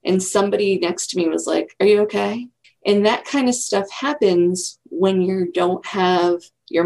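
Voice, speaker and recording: A middle-aged woman with a lowish pitch and a gravelly edge of vocal fry. She tells her own story in a candid, reflective way, the way a guest does in a relaxed interview. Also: poor audio. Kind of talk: casual interview chat.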